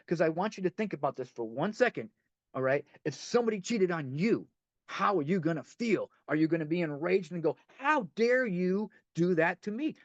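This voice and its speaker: A man's voice: medium pitch, dry recording. A man leading a recovery step workshop in conversational teaching talk. He repeats himself and speaks straight to the group. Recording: dull lo-fi dry recording.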